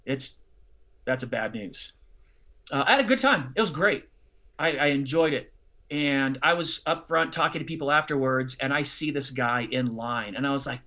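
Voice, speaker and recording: A middle-aged man telling a personal story in conversation, expressive and bursting into loud excited outbursts. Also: fairly high pitch, moderate pace. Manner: expressive, swings into loud excited outbursts when acting out scenes. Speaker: guest, charity fundraising speaker.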